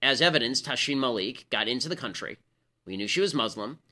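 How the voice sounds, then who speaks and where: A male commentator talks at a rapid clip in a sarcastic, combative monologue. His pitch jumps around constantly and his voice sounds bright and sharp. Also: lively intonation. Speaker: political commentary host. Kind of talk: fast political monologue.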